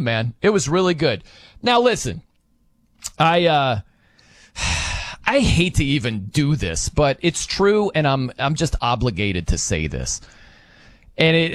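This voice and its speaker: A man's voice: sits high, no echo. Chatty man doing sports commentary. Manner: chatty, conversational, says "man" often. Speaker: sports podcast host.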